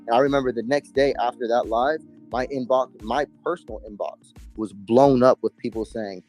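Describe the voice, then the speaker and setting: This interview guest has a mid-range, slightly mellow voice with fairly even intonation, speaking at normal speed with few pauses. Over soft background music, he tells his story casually but emphatically, swearing a lot and using street slang.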